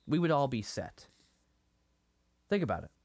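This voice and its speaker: A podcast co-host speaks with a medium pitch at normal speed, with no echo, as he casually discusses a TV episode. He retells it with feeling, stumbling through many fillers and restarts.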